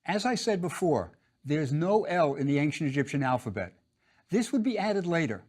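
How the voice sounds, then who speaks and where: A man's voice: on the high side, sing-song, moderate pace, a little mellow. A man teaching a drawing lesson, patient and step by step, repeating each instruction.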